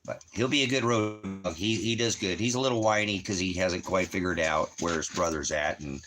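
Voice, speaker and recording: Low-voiced man rambling casually. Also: a bit bright, faint music behind. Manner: rambling and halting, trails off. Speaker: vlogger. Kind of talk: casual personal talk to camera. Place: at home indoors.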